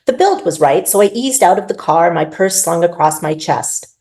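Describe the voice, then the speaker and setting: Expressive woman author reading aloud. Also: lowish voice, normal speed. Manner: expressive first-person narration. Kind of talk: reading her own fiction aloud.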